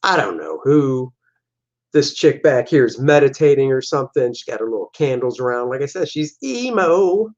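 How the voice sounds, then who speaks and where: A man's voice: mid-range voice, normal speed, dull audio. Laid-back man rambling over comic pages. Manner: relaxed, rambling, acts out panel dialogue in silly voices. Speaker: comic artist streaming his pages. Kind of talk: casual livestream commentary.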